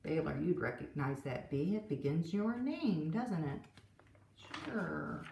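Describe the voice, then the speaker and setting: A teacher reads picture books aloud to young children, her voice lively and her pace slow and careful. She sits back from the mic in an echoey room, so the sound is roomy and distant. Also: deep voice, gravelly, slight background noise. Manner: animated, storytelling. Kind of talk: reading a picture book to children.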